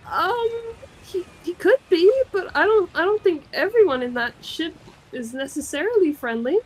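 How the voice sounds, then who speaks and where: A woman's voice: very high voice, animated, moderate pace, voice pushed up, poor audio. A woman playing a hesitant, apologetic young adventurer in a tabletop game, stammering and trailing off. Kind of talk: tabletop in-character roleplay.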